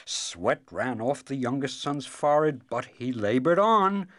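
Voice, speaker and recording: Slow, expressive male storyteller. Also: mid-range voice, dry recording, studio quality. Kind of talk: storybook read-aloud.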